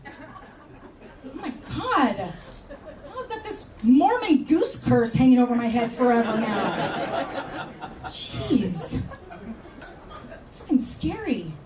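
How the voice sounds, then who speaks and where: High-voiced woman doing wry stand-up. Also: slow pace, long pauses, a crowd in the background. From California. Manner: wry, deadpan asides with sudden high exclamations. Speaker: stand-up comedian. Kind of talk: stand-up comedy set. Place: comedy club stage. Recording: roomy club sound from far off.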